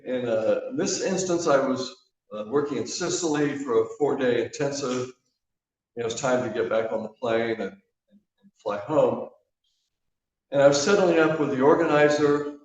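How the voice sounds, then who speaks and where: Man giving a sermon in a booming hall. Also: a little hiss or hum. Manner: relaxed, conversational storytelling with fillers. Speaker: guest speaker. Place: church sanctuary. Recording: echoey church hall from a distance, dull.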